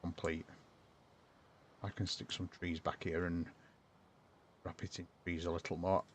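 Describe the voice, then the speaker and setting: A man's voice: low voice, flat delivery, unhurried, a little hiss or hum. A man from chatting casually while he builds in a game, rambling and answering his chat as he goes. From northern England. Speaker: streamer. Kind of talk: casual gameplay commentary.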